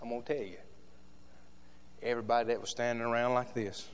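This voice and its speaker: A man preaching a sermon in a church with passion, shifting between loud shouts and hushed asides to the congregation. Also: mid-range voice, level tone, fairly quick, clean tone.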